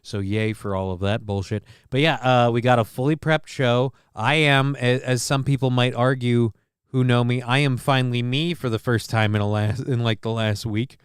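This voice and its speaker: A man hosting his own live show in casual chat, consciously pushing his voice lower than it naturally sits, rambling and poking fun at himself with lots of restarts, into a desk mic on an arm at home. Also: normal speed, clear, resonant tone, no room sound, studio quality. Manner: rambling, self-mocking, with many restarts. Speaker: livestream show host.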